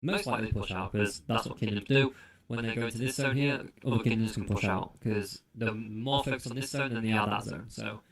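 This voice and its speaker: A man's voice: lowish voice, a little fast. A man confidently explaining strategy predictions for a game, played from a video.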